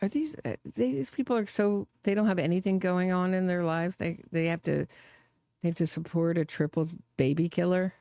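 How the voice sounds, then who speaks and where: Gravelly, scornful woman streamer. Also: on the low side, moderate pace, dark tone, dry recording, clean studio sound. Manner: sarcastic, scornful, mocking. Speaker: true crime stream host. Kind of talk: live reaction commentary.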